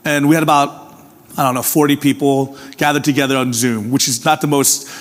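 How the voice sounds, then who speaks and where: A male pastor preaching a sermon, earnest and personal, swinging from emphatic calls to hushed, tender appeals. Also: medium pitch, steady tone, a little fast. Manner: earnest, swings from emphatic to hushed, repeats "can I tell you". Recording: long reverb of a large hall.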